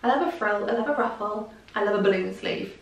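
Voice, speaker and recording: A woman's voice: mid-range voice, fairly quick, distant mic, muffled recording. Gushing woman in an echoey room. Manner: gushing, chatty, lots of "like" and "I love". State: a little out of breath. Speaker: fashion vlogger. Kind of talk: casual try-on haul chat.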